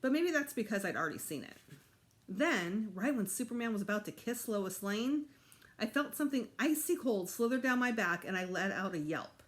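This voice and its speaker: A teacher reading a children's chapter book aloud to her class. Her voice sits at a middle pitch and moves a lot, rising and falling as she tells the story. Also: normal speed. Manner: expressive, animated.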